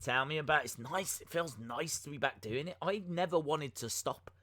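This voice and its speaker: A man hosts a wrestling podcast live stream, chatting casually, poking fun at himself, and filling his talk with ums and uhs. His voice is fairly high and a bit bright at a moderate pace, recorded dry with a clean studio sound.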